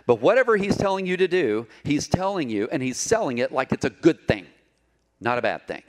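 A middle-aged pastor preaches a sermon in a fairly high, slightly fast voice. He tells animated, humorous stories and jokes with the congregation.

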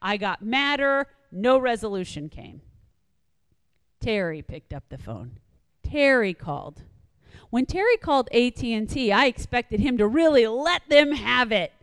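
A woman's voice: on the high side, unhurried, no room sound, in a large hall. A woman telling a personal story in a sermon-like devotional talk, acting out quoted lines and repeating points for emphasis. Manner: animated retelling with quoted asides, emphatic repetition.

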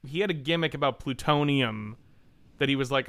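A man co-hosting a podcast, chatting casually about a movie, animated and laughing often. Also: mid-range voice, fairly quick. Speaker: podcast co-host. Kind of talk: casual movie review chat.

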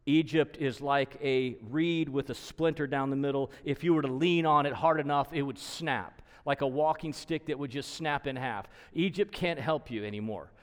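A man's voice: mid-range voice, moderate pace, few pauses, long reverb tail. A male preacher giving an expository sermon, emphatic and explanatory, who repeats his points for stress.

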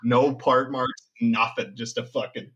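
A man's voice: mid-range voice, steady tone, a little slow, fairly bright tone, slightly rough, muffled recording. A young man in his twenties on a casual podcast chat, telling rambling, profane stories. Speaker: podcast co-host.

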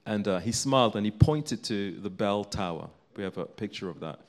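A man with a lower-pitched voice delivers a sermon, telling a story with earnest, mounting emphasis. He speaks as a preacher to a congregation. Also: lively intonation, moderate pace, soft background music.

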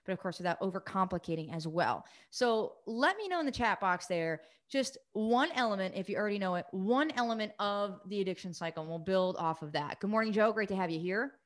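A woman recovery coach hosting a live coaching session, talking quickly and eagerly, greeting viewers by name. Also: medium pitch. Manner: fast, excited, energetic delivery.

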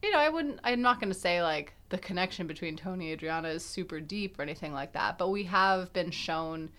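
A woman's voice: lowish voice, lively intonation, fairly quick, a bit bright. A young woman co-hosting a podcast, thinking aloud in casual analytical chat with many fillers and restarts. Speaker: podcast co-host.

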